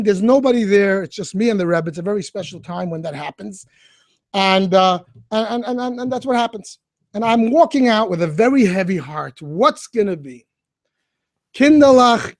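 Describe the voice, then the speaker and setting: A middle-aged man speaks as a rabbi to schoolchildren, spinning an animated story and calling out to them directly. His voice sits fairly high for a man. The sound is dry and close, with no room around it. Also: no echo. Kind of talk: storytelling talk.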